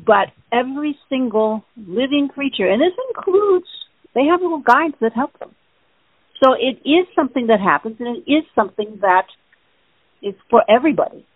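Husky-voiced woman on a phone line. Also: fairly high pitch, expressive, moderate pace, no room sound. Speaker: host answering listener questions. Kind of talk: casual spiritual Q&A over the phone. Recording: tinny phone line, dry.

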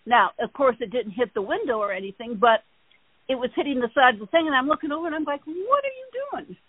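Host, woman, higher voice, rambling storyteller, dry phone-like sound. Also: fast talker, no echo. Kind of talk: casual chat. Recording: tinny phone-like line.

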